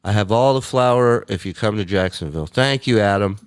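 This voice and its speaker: A man hosting a casual livestream, reading out viewer messages in a loose, profane way and breaking into loud, high impressions. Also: brisk, clear, resonant tone, no echo, clean studio sound. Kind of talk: casual chat.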